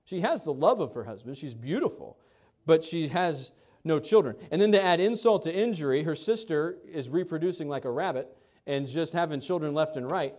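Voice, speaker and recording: Male pastor, somewhat high voice, chatty sermon delivery, stumbling restarts, dull lo-fi recording. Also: animated, brisk. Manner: conversational preaching with frequent restarts and acted quotes. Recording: dull lo-fi sound.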